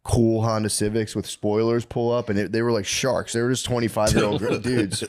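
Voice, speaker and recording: A man co-hosting a podcast, telling loose, laughing stories in casual chat with quick put-on quotes. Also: fairly low pitch, flat delivery, darkish tone. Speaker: podcast co-host.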